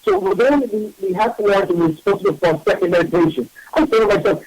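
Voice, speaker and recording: A man with a notably high speaking voice tells a story in a loose, animated, self-mocking way, throwing in mild swearing. The sound is dry and close, with no room around it. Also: fast, hardly any pauses, no room sound, low-quality recording. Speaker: psychic medium radio host. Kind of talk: casual storytelling.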